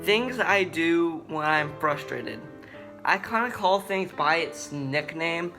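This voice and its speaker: A young man talking earnestly to camera in a vlog, halting and restarting as he speaks. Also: a little high, animated, music in the background. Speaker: vlogger. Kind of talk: personal talk to camera.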